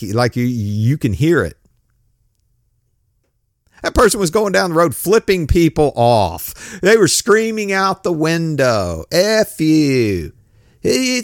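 A man giving an informal, blunt, plain-spoken sermon, swinging between loud outbursts and low mutters. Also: dry recording, studio quality. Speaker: preacher.

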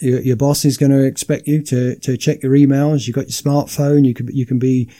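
A man's voice: mid-range voice, little pitch movement, brisk, dark tone. A man hosting a casual podcast discussion, often repeating words at the start of phrases. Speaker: podcast host.

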